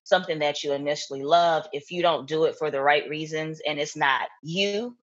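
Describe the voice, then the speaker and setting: A young woman talks about her work in a relaxed interview, chatty and quick to laugh. Her voice sits a little low and comes through husky. The recording is slightly dull and lo-fi. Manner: laughs often, animated and chatty. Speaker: guest, content creator. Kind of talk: casual interview chat.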